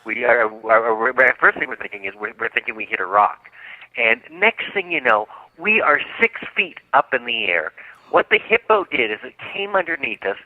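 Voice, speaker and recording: A man's voice: mid-range voice, sing-song, moderate pace, dry recording. A man telling a story as a radio guest, vividly acting out the quotes. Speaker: guest author. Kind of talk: animated storytelling. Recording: dry, phone-like line.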